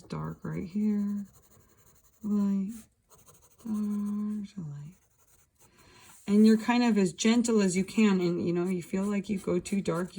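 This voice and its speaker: A woman's voice: mid-range voice, warm tone. A woman teaching a drawing lesson, talking through each step as she draws. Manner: talking while drawing, thinking aloud. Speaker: art teacher. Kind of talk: drawing demonstration.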